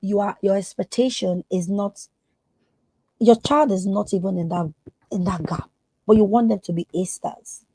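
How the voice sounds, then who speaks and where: A woman's voice: mid-range voice, moderate pace, dark tone, husky, no room sound, low-quality recording. A woman therapist speaking as a podcast guest, earnest and emphatic. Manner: emphatic, acts out quoted voices.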